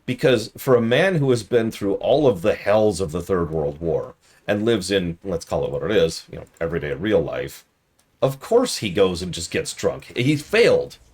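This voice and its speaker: A man with a very low, husky voice does casual live-stream commentary on a game he is reviewing. His pitch moves around a lot as he rants at the game and talks to his chat. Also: big pitch swings, normal speed, a little mellow.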